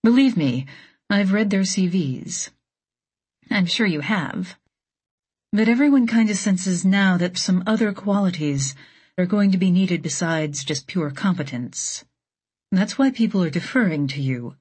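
A woman voicing a weary, guarded female space station leader in an audiobook, speaking in a flat, subdued way. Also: fairly low pitch, a little slow, slightly rough. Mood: earnest. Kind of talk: audiobook character voice.

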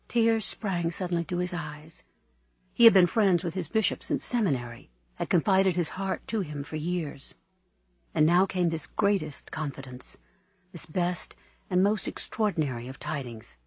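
A man reading an audiobook aloud in an expressive, measured storytelling manner, in a dry, slightly dull recording. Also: sits high, husky, dry recording. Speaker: audiobook narrator. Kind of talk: scripted narration.

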